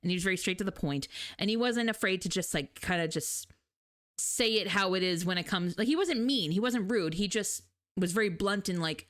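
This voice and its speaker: A woman's voice: medium pitch, fairly quick, a bit bright. A young adult woman, streaming and chatting casually with her viewers, telling stories animatedly and laughing often. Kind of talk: casual chat with live chat.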